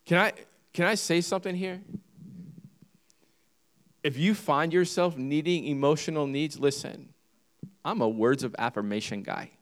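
Here a pastor with a fairly high-pitched male voice preaches a little slowly, leaving long pauses. His sermon includes scripture readings, and he is emphatic, hammering home points by repeating key phrases and questioning the congregation.

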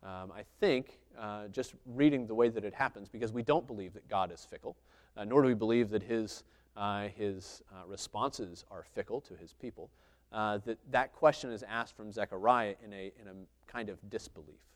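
A man's voice: on the low side, normal speed. A man giving a conversational sermon, teaching through a Bible passage and thinking aloud with many filler sounds.

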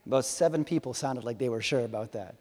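This fast-talking preacher has a medium-pitched voice and delivers his sermon to a live congregation with animation, shifting from quiet to loud while teasing his audience and firing questions at them. The hall leaves a long reverb.

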